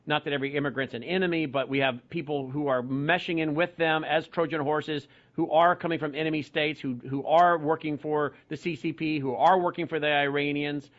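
Man, call-in talk show host, brisk, somewhat high pitch, dull broadcast audio. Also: fairly even intonation, a bit bright. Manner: brisk, reads out web addresses and phone numbers. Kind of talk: talk radio hosting with call-ins.

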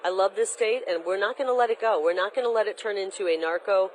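A woman candidate answers an interviewer in a firm, combative tone. Her pitch sits in an ordinary middle range. A faint ambient hum runs under her voice. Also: quick pace, low-quality recording. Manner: emphatic, combative, delivers campaign talking points. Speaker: candidate for governor, interview guest. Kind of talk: political interview.

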